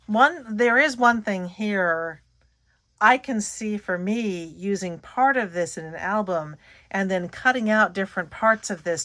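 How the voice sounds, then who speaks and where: A middle-aged woman talks casually through a haul of scrapbook paper, gushing over each sheet. Her voice sits a little low, and she often trails off mid-sentence and starts again. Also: fairly bright tone. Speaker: scrapbooking channel host. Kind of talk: casual show-and-tell chat.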